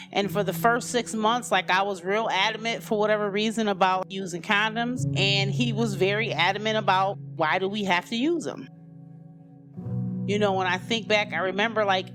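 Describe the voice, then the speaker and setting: A woman telling her own life story casually, full of "you know" and "like," raising her pitch sharply when she quotes people. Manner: conversational, many "you know" and "like" fillers; acts out quoted voices with sharp rises in pitch. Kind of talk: personal storytelling.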